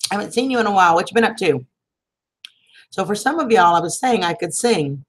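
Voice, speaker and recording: A woman's voice: medium pitch, animated, brisk. A woman, hosting a casual livestream and chatting affectionately with viewers, calling them sweetheart and hon. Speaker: livestream host.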